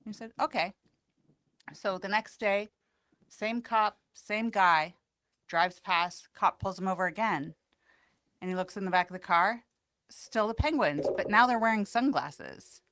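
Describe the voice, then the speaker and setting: A woman's voice: mid-range voice, measured pace, fairly bright tone, no echo. A woman guest on a casual radio show, telling a joke as a plain little story.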